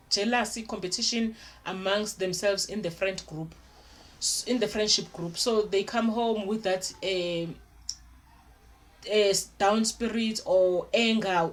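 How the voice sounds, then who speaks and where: A young woman giving parenting advice in an earnest, repetitive way, often restarting her sentences. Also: medium pitch. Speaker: parenting vlogger. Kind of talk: casual advice talk to camera.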